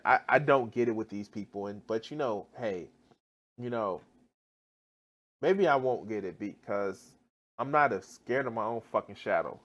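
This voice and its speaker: A man's voice: medium pitch, a bit bright. A man ranting in a reaction video, exasperated and heavily profane, often restarting mid-sentence. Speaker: video commentator.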